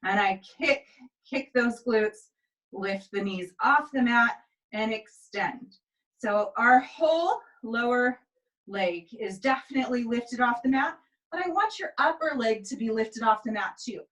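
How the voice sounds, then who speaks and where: A tired woman leads a pilates class with slow, steady cues and counts. Her voice sits a little high. She is heard from a few steps away in an indoor studio. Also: distant mic, rough recording. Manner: calm step-by-step cueing with counts. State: tired, yawning. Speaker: pilates instructor. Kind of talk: guided exercise instruction. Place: indoor exercise space.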